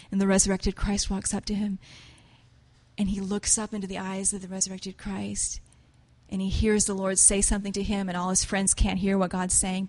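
A woman preaching with earnest emotion, retelling a story in a tearful voice that drops to a hush and rises loudly again. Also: mid-range voice. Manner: tearful, earnest, swings from hushed to loud.

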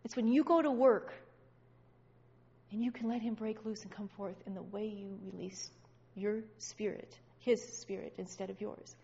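A woman's voice: mid-range voice, fairly even intonation, normal speed, darkish tone. A woman sharing with her church congregation, talking fervently, repeating phrases and stammering. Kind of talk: impassioned spontaneous exhortation. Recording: dull, echoey hall recording.

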